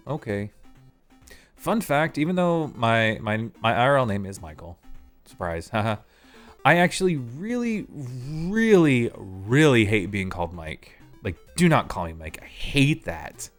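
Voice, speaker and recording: A man's voice: mid-range voice, sing-song, a little slow, soft background music. A man streaming a video game live, chatting casually, joking, laughing and swearing as he reads the game's text aloud. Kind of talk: casual live gameplay commentary.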